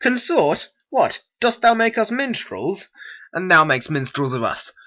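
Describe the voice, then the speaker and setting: Man doing defiant mocking young fighter, high bright tone, stop-motion cartoon. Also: sing-song, measured pace, heavily acted. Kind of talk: hobby stop-motion animation voice acting.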